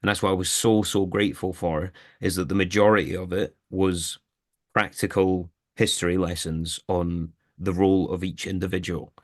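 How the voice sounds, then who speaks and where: Low-voiced man, chatty and rambling. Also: level tone, moderate pace, no echo, studio quality. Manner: chatty, rambling, many restarts and fillers. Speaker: actor guest. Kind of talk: casual interview chat.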